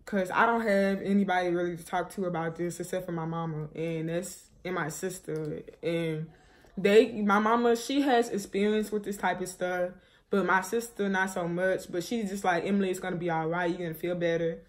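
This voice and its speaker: A woman's voice: lowish voice, fairly even intonation, normal speed. A young woman vlogger, telling viewers a painful personal story in a rambling, grieving way, full of fillers and restarts. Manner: grieving, subdued and shaky.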